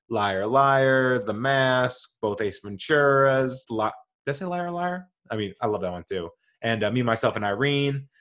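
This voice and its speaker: A man's voice: medium pitch, fairly bright tone. A man hosting a podcast, talking casually and enthusiastically, rambling and correcting himself as he goes. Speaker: podcast host. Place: home with dogs nearby.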